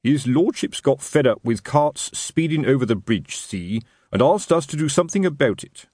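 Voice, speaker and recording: A man's voice: mid-range voice, animated, normal speed, darkish tone, slightly rough, dry recording, clean studio sound, pitched above the performer's own voice. A man playing a middle-aged city watch sergeant who talks expansively and self-importantly in a working-class way.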